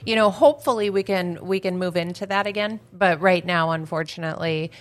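Lowish-voiced woman bakery guest. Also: brisk. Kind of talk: casual studio interview. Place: radio studio.

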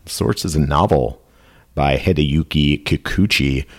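Deep-voiced man hosting a podcast. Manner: jokey, reads notes quickly. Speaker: podcast host. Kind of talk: casual review podcast.

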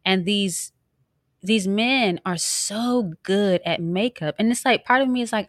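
A young woman co-hosting a podcast, telling stories in a lively, joking way with a lot of laughter. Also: medium pitch, normal speed, no echo, clean studio sound. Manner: animated, laughing, joking storyteller. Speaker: podcast co-host. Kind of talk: casual banter.

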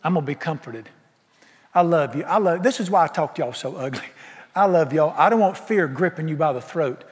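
Folksy preacher in a reverberant hall. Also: male voice, fairly high pitch, expressive, fairly quick. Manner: folksy, exuberant preaching with rhetorical questions. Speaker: pastor. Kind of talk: sermon. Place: church sanctuary. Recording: long reverb of a church hall.

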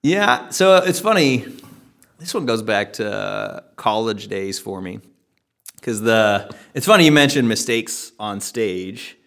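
Man, church podcast co-host, animated storyteller, pitch swings a lot, laughs easily. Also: takes it slowly, vocal fry. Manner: animated, laughing often, self-deprecating. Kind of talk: casual storytelling chat.

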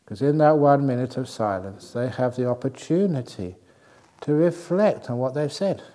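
A man teaching meditation in a relaxed, playful talk, laughing at his own jokes. He slows right down with soft, spaced-out words, then speeds up in high, quick bursts to show the contrast. His voice sits at an ordinary middle pitch. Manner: playful, swings between slow soft and fast high speech to demonstrate. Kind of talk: spoken talk on calming the mind.

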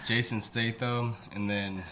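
A man's voice: fairly low pitch, flat delivery, unhurried, background noise. A man in casual podcast chat, bantering with lots of swearing and laughter.

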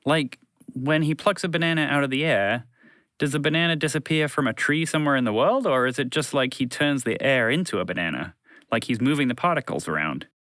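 A man's voice: mid-range voice, brisk, fairly bright tone, no room sound, studio quality, natural voice. A man voicing curious children who keep interrupting a story with nitpicking questions. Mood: questioning. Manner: inquisitive, pestering questions.

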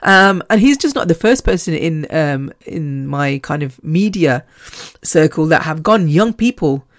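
The recording is clean studio sound with no room sound, carrying a low, expressive, unhurried voice. It belongs to a podcast host in her 50s who talks in a rambling, chatty monologue, swearing and laughing freely between sentences.

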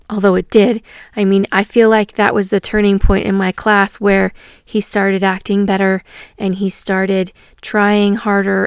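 Teacher lady telling a story, earnest and thoughtful, bit of vocal fry, close dry mic. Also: mid-range voice, darkish tone, no room sound. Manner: reflective, earnest, with pauses and fillers. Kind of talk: personal storytelling.

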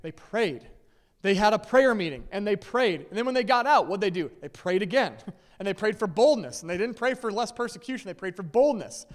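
A pastor with a high, expressive voice preaches fairly quickly in a conversational way, laughing lightly between points and checking in with "okay?" and "right?" His sermon fills a large church sanctuary with long reverb.

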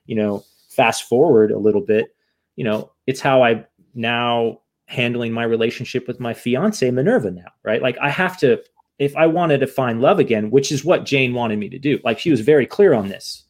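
A man from the United States speaks as a guest in a candid interview, his voice gravelly with a touch of fry. He sounds frank and emotional. He drops the odd curse word and often starts a sentence over. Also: mid-range voice, moderate pace. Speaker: podcast guest and author.

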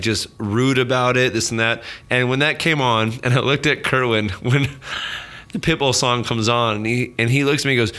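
A man co-hosting a casual chat show, telling a long story, laughing often and swearing freely. His voice is bright and forward, at an everyday pitch. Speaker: podcast co-host.

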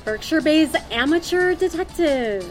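A woman's voice: sits high, expressive, a little slow, soft background music, pitched above the performer's own voice. A woman playing a ditzy brash influencer. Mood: bubbly. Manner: valley-girl slang, giggly.

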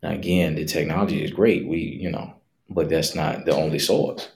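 A man's voice: extremely low pitch, steady tone, normal speed, creaky, darkish tone, a little hiss or hum. A man hosting a podcast, giving casual faith-based advice and building up each point. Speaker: podcast host.

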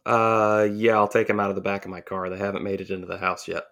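A man's voice: fairly low pitch, level tone, fast talker, vocal fry, fairly bright tone. A man from the southern United States, co-hosting a podcast and telling a long, profane, rambling story in casual chat. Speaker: podcast co-host.

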